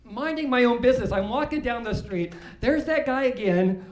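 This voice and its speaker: A man's voice: very high-pitched, animated, normal speed, background noise. A man from Seattle doing a stand-up comedy set before a live audience, telling dry, self-deprecating stories and often laughing. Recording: roomy club sound.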